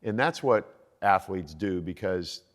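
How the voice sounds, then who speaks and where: A man in his sixties, a fitness coach talking as a podcast guest in an energetic, motivational way. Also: sits low, slow pace, in a large hall. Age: 60s. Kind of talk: casual podcast conversation.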